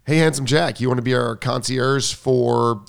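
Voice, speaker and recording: A man's voice: medium pitch, steady tone, moderate pace, gravelly. Guy on a podcast telling a story, casual, repeats stuff for emphasis. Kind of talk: casual chat.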